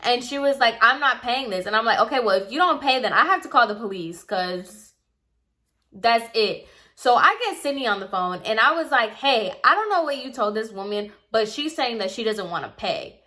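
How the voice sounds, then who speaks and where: A woman's voice: on the high side, expressive, normal speed, sharp tone. A woman telling a storytime about a difficult client in a casual, exasperated way, acting out both sides of the conversation. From Puerto Rican heritage. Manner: chatty, exasperated, acts out both sides with quoted lines.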